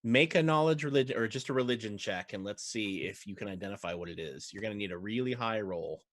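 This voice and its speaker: A man's voice: lowish voice, fast talker, fairly bright tone, no room sound. A man narrating and running a tabletop game as dungeon master, friendly and describing each scene step by step.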